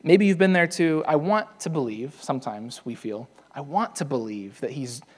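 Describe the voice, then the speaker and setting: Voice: mid-range voice, animated, normal speed. A preacher giving a sermon in a chatty, storytelling way with playful asides.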